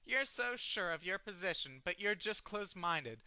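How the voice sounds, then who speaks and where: A man's voice: high-pitched, lively intonation, moderate pace, bright, forceful tone, smooth, no room sound, full character voice, low-quality recording. A man reciting a poem voices a smug new-age woman lecturing at a dinner party. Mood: insistent. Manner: earnest, lecturing, cliché-spouting.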